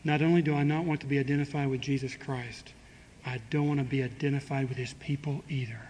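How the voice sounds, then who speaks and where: Speaking quickly at a medium pitch, a man gives a sermon in a conversational style, his tone a little mellow and his intonation fairly even. He quizzes the congregation with rhetorical questions and acts out quotations with a dry wit. There is long hall reverb and faint ambient noise.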